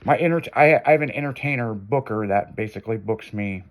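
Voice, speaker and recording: A man's voice: fairly low pitch, a little fast. Profane man telling a story. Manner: profane, animated, acts out quotes. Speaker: guest storyteller. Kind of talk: casual storytelling.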